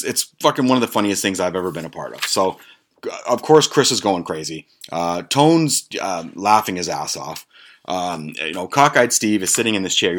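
A man in his forties hosting a podcast, telling a rambling, profane, amused story. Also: low-pitched. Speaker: podcast host. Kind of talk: casual storytelling.

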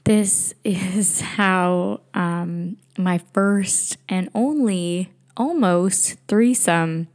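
A young woman talks alone into a home computer mic, telling a personal story in a loose, confessional podcast style. She rambles, fills gaps with "um" and "like," and breaks into laughter often. Her pitch sits in the middle for a woman. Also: a little mellow. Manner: candid, rambling, laughs often, many fillers. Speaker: podcast host. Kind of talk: casual storytelling monologue. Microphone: home computer recording.

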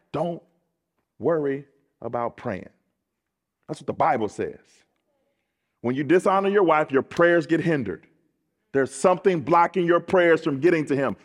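Male pastor, sermon delivery, emphatic and repetitive, slightly high voice, long church reverb. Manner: emphatic preaching, repeats phrases, laughs between points. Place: church pulpit.

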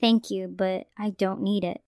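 A small-voiced, eerie ghost woman in a storytelling podcast, quiet and unhurried; a woman voices her. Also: mid-range voice, steady tone, no echo, studio quality, lightly acted. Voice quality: small, weak voice.

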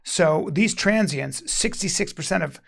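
A man's voice: sits high, lively intonation, measured pace, gravelly, fairly bright tone. A man chatting casually, telling a rambling, profane story with lots of restarts. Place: Venice, Los Angeles resident.

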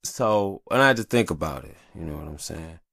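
A man's voice: extremely low pitch, lively intonation, a little fast, vocal fry, fairly bright tone, dry recording, studio quality. A man hosting a podcast, venting in a heated, profane casual monologue. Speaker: podcast host.

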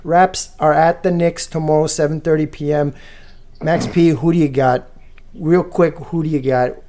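A man hosts a loose sports podcast, cracking jokes and moving the segment along. His voice sits a little higher than most men's. He sounds relaxed and chatty. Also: moderate pace. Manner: joking, runs the segment, asks for picks. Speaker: podcast host. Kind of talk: casual chat.

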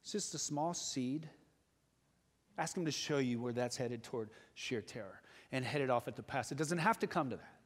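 A man's voice: medium pitch, a bit bright. A male pastor preaching a sermon, earnest and building to urgent exhortation. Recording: long hall reverb.

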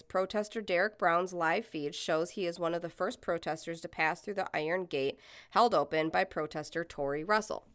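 A young adult woman co-hosts a casual podcast. She reads news articles aloud in a bright, forceful voice, set a little low for a woman. She keeps breaking off into blunt, profane, indignant asides. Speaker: podcast co-host.

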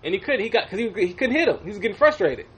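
Animated, profane podcast co-host man. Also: sits high, racing, breathy edge. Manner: animated, profane, laughs often, acts out quotes. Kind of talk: casual banter.

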